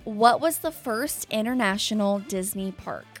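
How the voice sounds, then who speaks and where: A woman co-hosting a casual podcast, chatty and quick to react, laughing easily. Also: medium pitch, animated, soft background music. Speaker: podcast co-host.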